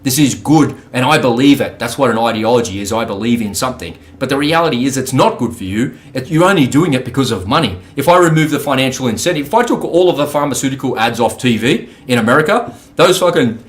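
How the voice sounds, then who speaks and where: A man's voice: medium pitch, lively intonation, fast, few pauses. Blunt man with coarse storytelling. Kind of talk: casual conversation.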